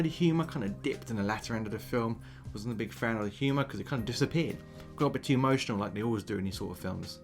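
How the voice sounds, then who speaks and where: English man, fast and chatty film reviewer, middle pitch, faint music underneath. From England. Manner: chatty and animated, with mocking posh impressions. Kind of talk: casual video review.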